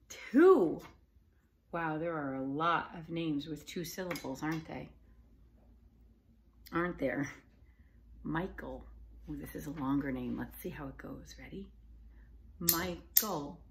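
A woman teacher giving a recorded lesson to young children, patient and encouraging, clapping out syllables and sometimes dropping to a soft whisper. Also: low-pitched, a little hiss or hum. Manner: slow, patient and encouraging, claps and taps out syllables.

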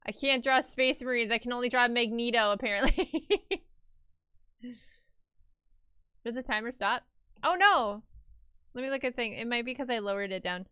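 A woman streaming casually as she draws, excitable and swearing while chatting with viewers. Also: fairly high pitch, unhurried, long pauses, clear, resonant tone, no room sound, studio quality. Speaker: live-streaming artist.

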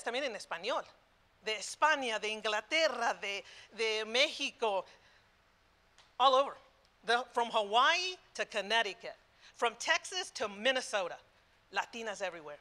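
A woman in her sixties speaks at a conference with a bright, forceful voice pitched a little high. She hammers her points through repetition and drops into Spanish phrases mid-sentence. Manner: emphatic, repetitive, switching between English and Spanish. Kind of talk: passionate live talk. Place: conference room before an audience.

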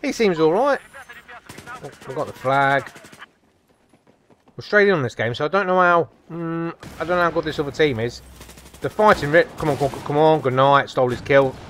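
A man giving chatty, excitable live commentary over a shooter game as a gaming channel host. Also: a little high, normal speed, pauses often. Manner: chatty, excitable, repeats come on and whoa. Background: faint game gunfire.

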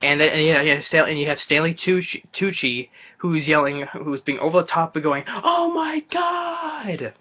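Brisk, with few pauses and a steady tone, this man's voice sits on the high side. He's a movie reviewer vlogger ranting through a trailer reaction video, exasperatedly stumbling, restarting and repeating himself, captured on a dull lo-fi recording.

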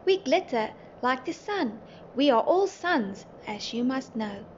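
A woman's voice: sits high, very animated, a little slow. Woman voicing proud talking stars. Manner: proud, matter-of-fact. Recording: muffled, faint hiss.

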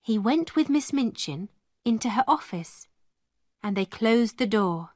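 A woman narrating a classic story for English learners in a slow, clear, expressive reading. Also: on the high side, no room sound, clean studio sound.

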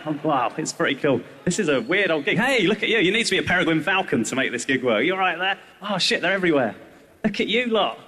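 Male stand-up, surreal and playful with the crowd, high and bright. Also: long reverb tail, slight background noise. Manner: whimsical, flirty crowd banter with silly put-on voices. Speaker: stand-up comedian.

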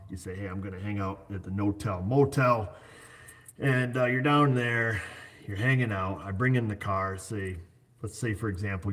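Chatty, low-voiced mechanic man. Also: fairly bright tone. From United States. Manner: rambling, joking, uses hypothetical examples. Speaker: auto repair shop owner. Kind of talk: casual chat.

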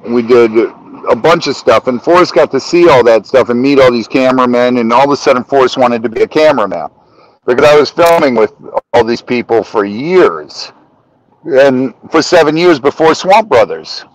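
A middle-aged man telling a story as a podcast guest, animated and profane, rising to shouts when he acts out arguments. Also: mid-range voice, moderate pace, no echo, low-quality recording. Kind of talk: storytelling in casual chat.

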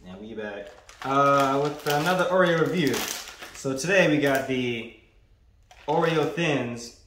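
A man's voice: medium pitch, slow, background noise. A man casually reviewing snacks in a loose, playful vlog manner, repeating himself as he talks. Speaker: food reviewer. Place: indoors, standing. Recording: roomy echo.

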